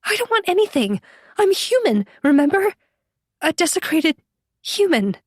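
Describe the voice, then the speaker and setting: A woman's voice: very high-pitched, big pitch swings, normal speed, dry recording, clean studio sound, voice pushed up. A woman voicing an earnest teenage girl who asks worried questions for a storybook reading. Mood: bewildered.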